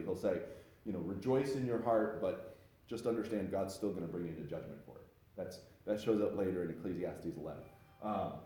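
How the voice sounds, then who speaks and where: A man's voice: medium pitch, a little mellow, reverberant. A man teaching a casual Bible lesson, talking loosely with frequent restarts and asides.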